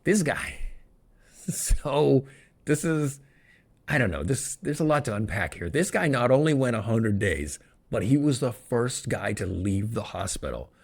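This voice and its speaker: A man's voice: medium pitch, big pitch swings, a little slow, gravelly. A man hosting a solo good-news podcast, chatting casually and wandering into joking, self-interrupting asides. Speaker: podcast host.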